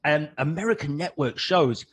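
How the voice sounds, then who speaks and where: A man's voice: fairly high pitch, expressive, moderate pace, a little hiss or hum. A man interviewing a guest, asking long, rambling questions in a casual chat. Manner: rambling, restarts his questions.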